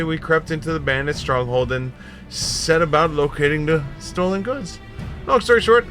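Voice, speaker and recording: A man voicing a weary middle-aged sellsword who grumbles slowly through a tired tale. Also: high voice, pushed and bright, full character voice. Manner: slow, grumbling, world-weary.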